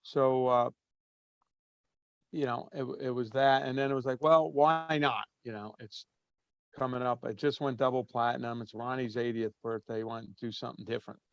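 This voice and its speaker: A man's voice: medium pitch, little pitch movement, normal speed, clean tone, dry recording, lo-fi sound. A man talking casually as a guest in an interview, easygoing and rambling with many fillers. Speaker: drummer guest.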